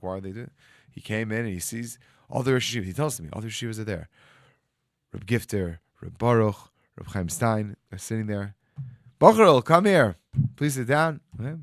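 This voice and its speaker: Low-voiced rabbi telling a story. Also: male voice, no room sound, clean studio sound. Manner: animated storyteller acting out quoted voices. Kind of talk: storytelling talk. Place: studio.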